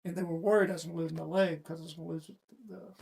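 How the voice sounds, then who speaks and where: A man's voice: a little high, little pitch movement, rapid-fire, gravelly, darkish tone, husky. A middle-aged man telling a personal story in a casual, folksy interview. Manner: folksy, plain-spoken storyteller. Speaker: guest.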